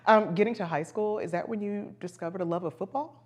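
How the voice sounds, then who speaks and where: A woman television news anchor interviews her guest. Her voice sits at a middling pitch. She asks her questions encouragingly and reacts with brief laughs. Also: a little fast, lo-fi sound.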